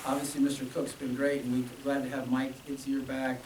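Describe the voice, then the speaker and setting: A man's voice: mid-range voice, monotone, a little fast, a little mellow. A man, a band director, talking casually to alumni, chatty and telling stories with quoted dialogue. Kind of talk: informal speech to alumni. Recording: echoey room from far off, with noise.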